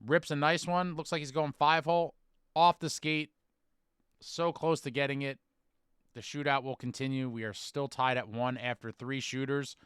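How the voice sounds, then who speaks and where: A man hosting a hockey fan podcast, recapping a game with animated storytelling. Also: medium pitch, moderate pace, clean tone, dry recording, clean studio sound. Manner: animated storytelling, bursts into shouted chants when reliving moments.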